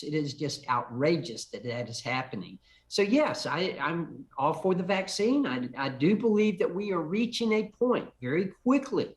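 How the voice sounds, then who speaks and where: An older congressman answers call-in questions with insistent emphasis. He often stumbles and repeats the first words of a sentence. His speaking voice sits a bit high for a man.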